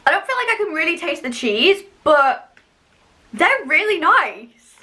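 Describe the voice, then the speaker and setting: A woman's voice: extremely high pitch, very animated, measured pace, bright, forceful tone. A young woman from the UK chatting casually and enthusiastically while reviewing snacks in a vlog, with lots of fillers. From United Kingdom. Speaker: vlogger.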